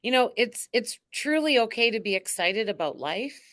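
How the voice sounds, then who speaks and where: A woman's voice: on the high side, lively intonation, normal speed, fairly bright tone. A woman hosting a live spiritual card reading, talking in an exuberant, theatrical way with chanting and cheering.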